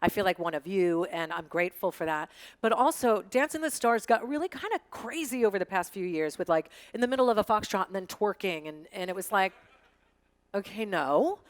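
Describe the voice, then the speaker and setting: A middle-aged woman reading tweets aloud to a live audience, with animated, joking, sassy asides. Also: mid-range voice, brisk, in a large hall. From United States. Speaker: guest reading tweets on stage. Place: event space with audience.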